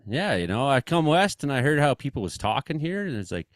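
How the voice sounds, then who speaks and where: A man with an Ottawa Valley accent hosting a live-streamed comedy weather show, joking and swinging between loud lines and mumbled asides. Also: mid-range voice, very animated, a little fast, hardly any pauses, no room sound.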